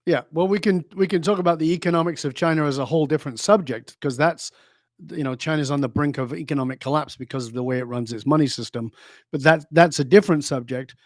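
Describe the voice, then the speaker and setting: A man's voice: on the high side, quick pace, dry recording, clean studio sound. A man being interviewed as a leadership speaker, talking emphatically, telling stories and asking rhetorical questions. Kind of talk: conversational interview.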